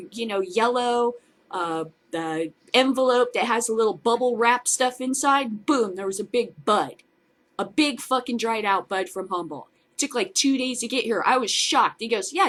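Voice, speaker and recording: Sarcastic woman with a lively voice. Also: fairly high pitch. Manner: sarcastic, mocking, swears freely. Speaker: host of a cannabis news show. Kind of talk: casual news commentary.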